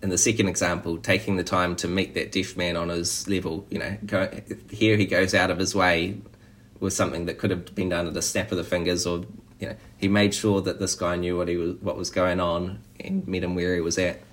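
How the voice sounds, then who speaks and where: Casting: man, low-pitched voice, preacher, conversational sermon with easy restarts. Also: level tone, a little fast. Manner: conversational, frequent "you know" and restarts.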